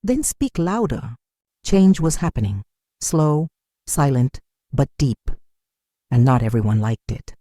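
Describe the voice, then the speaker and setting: Story narrator, mellow tone, animated delivery, dry close sound. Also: medium pitch, unhurried, pauses often, no room sound.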